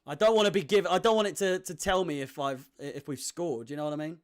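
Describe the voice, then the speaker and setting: A young man hosting a live football watch-along, chatting with viewers and getting excitable at chances. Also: fairly high pitch, fast. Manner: excitable, shouts and laughs at chances. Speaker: fan watch-along host.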